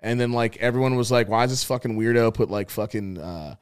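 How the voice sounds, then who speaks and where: A young man co-hosting a podcast, telling loose, profane, animated stories in casual chat. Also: mid-range voice, brisk, clear, resonant tone. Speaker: podcast co-host.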